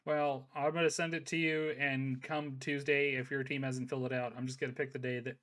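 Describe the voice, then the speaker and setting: A man's voice: mid-range voice, flat delivery, a little fast, fairly bright tone. A man hosting a casual post-match interview, chatty and upbeat as he praises the players' plays. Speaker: league host interviewing players.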